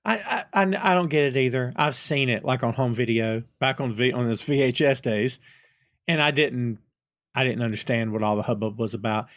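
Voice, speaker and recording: A podcast host talks casually and enthusiastically about a film, laughing often as he reviews it. His mid-range voice has a fairly bright tone and a normal pace, recorded clean in a studio with no echo.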